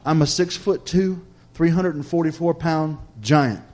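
A male pastor preaching a sermon, repeating phrases in a rhythmic cadence, asking "Amen?" of the congregation, swinging between loud emphatic lines and soft hushed ones. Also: fairly high pitch, a little slow. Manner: preacherly, repetitive cadence with call-and-response "Amen?".

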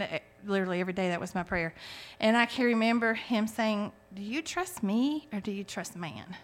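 A woman in her forties giving a heartfelt personal faith testimony, telling her story earnestly with frequent restarts. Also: medium pitch. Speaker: testimony speaker.

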